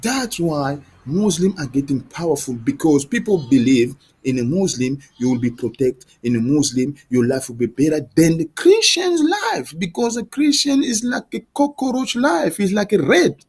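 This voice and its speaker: A husky-voiced man speaks his mind straight to camera in a heated, pleading rant. His voice sits high and leaps up and down. He repeats his questions and breaks off into restarts as he goes. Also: sing-song. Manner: halting restarts and repeated words. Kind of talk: impassioned monologue to camera.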